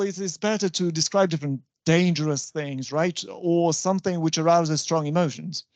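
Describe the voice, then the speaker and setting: A university lecturer, explaining patiently and often checking understanding with a quick "right?". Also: medium pitch, dry recording. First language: Russian. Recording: dull, dry lo-fi recording.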